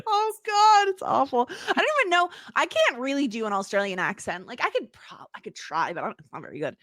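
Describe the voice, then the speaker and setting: Animated woman podcast co-host. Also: high voice, brisk, dry recording. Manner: animated, laughs often, self-deprecating. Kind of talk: casual chat.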